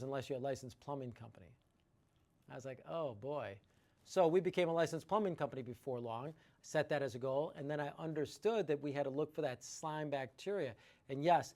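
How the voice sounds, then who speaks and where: A middle-aged man with a fairly high voice tells a story about his water treatment business in a relaxed, casual way. He gets animated and acts out what his customers said to him. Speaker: water treatment company owner.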